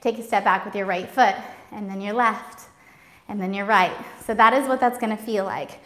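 A woman's voice: mid-range voice, fairly even intonation, moderate pace, a bit bright. A woman teaching a live-streamed belly dance class, counting steps and calling out cues in a bubbly way. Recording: roomy studio with music behind.

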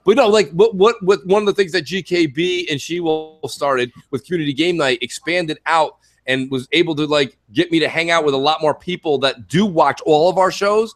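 A man's voice: fairly high pitch, normal speed, few pauses, a bit bright. A man hosting a casual gaming podcast, talking in an upbeat, rambling way. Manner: upbeat, rambling, hypes the community.

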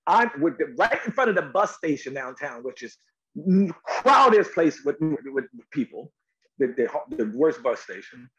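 The audio has its highs cut off as a middle-aged actor from North Carolina, USA, spins stories in an interview. His voice is slightly high at a normal speed, and he tells them animatedly, repeating words and acting out what people said.

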